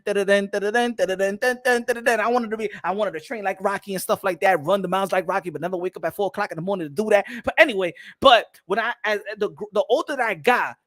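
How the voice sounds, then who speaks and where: This boxing podcast host has a high, fairly bright voice recorded with no echo. He launches into a comedic, profanity-filled rant, laughing between his lines.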